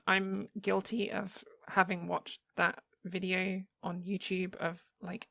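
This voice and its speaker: A woman's voice: lowish voice, vocal fry, a bit bright, no echo. A young woman co-hosting a podcast in casual chat, thoughtful and hedging as she thinks aloud. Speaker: podcast co-host.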